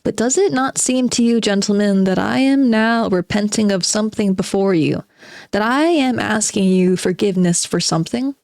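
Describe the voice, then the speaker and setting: A woman's voice: mid-range voice, moderate pace, gravelly, no echo, clean studio sound, close to an everyday voice. A woman reading aloud as a spiteful, bitter forty-year-old male recluse who sardonically lectures his listeners. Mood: sardonic. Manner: sardonic, self-mocking monologue addressed to "gentlemen".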